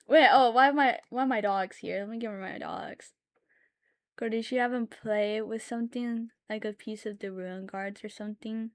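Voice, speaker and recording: A young woman streaming while she draws, rambling and thinking aloud, with sudden loud, excited bursts. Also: fairly high pitch, normal speed. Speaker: art streamer. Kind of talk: casual live-stream chat while drawing.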